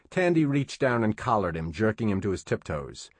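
This audiobook narrator is a man whose voice sits on the low side. He tells the story at a steady, measured pace, with no echo in the recording.

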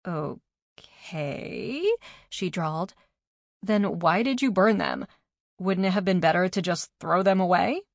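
A woman reads a novel in the first person with a fairly low voice. She lifts her voice for the characters' lines, and the recording is dry and close. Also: normal speed, creaky, no room sound. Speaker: audiobook narrator. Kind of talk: first-person scripted narration.

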